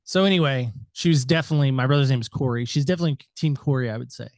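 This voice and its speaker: A middle-aged American man, a podcast guest, telling a personal story with animated reenacted dialogue and "so anyway" asides. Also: medium pitch, racing, no room sound, studio quality. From United States.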